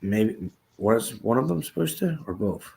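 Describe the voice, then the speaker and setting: A man's voice: on the low side, lively intonation, unhurried, vocal fry, a little mellow. A man hosting a podcast in loose, profane casual chat, laughing often. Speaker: podcast host.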